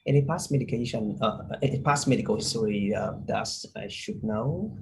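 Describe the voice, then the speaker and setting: Halting, polite low-voiced male doctor. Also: vocal fry, darkish tone, breathy edge, poor audio. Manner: polite, halting questions with many fillers. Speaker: doctor candidate in a practice exam. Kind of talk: medical exam role-play.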